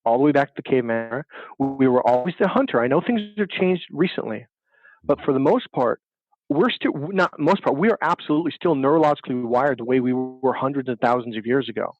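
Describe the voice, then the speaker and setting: In an animated interview, a man who coaches people on dating tells stories and emphatically acts out the other people's voices. He has a mid-range voice and quick pace, and the recording is dry with the highs cut off.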